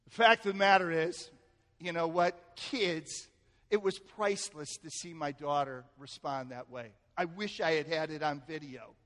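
A male pastor preaching in a church, telling a family story with lively, animated delivery. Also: normal speed. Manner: storytelling, animated, acts out family quotes with rising pitch. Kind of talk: sermon. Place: church sanctuary. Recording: echoey hall with long reverb.

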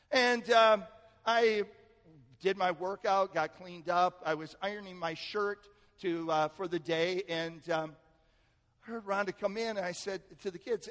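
A male pastor preaching in a church, telling a family story with lively, animated delivery. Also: measured pace. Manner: storytelling, animated, acts out family quotes with rising pitch. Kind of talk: sermon. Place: church sanctuary. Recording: echoey hall with long reverb.

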